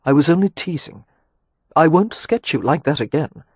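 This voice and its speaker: Husky teasing gentleman, read by a man. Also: animated, moderate pace, dry recording. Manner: wry, teasing, low and intimate. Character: teasing, ardent gentleman, wry and seductive. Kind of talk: audiobook dialogue.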